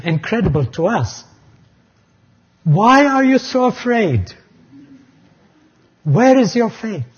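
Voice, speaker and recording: A man's voice: on the high side, warm tone, slightly rough. A man preaching a sermon, earnestly explaining terms and sometimes restarting phrases. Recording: dull lo-fi recording.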